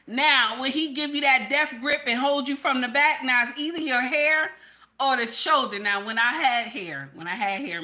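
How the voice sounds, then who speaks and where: Speaking in a slightly high voice with a sharp tone, this livestream host addresses her chat with blunt candor. She often pauses to check in by asking "okay?"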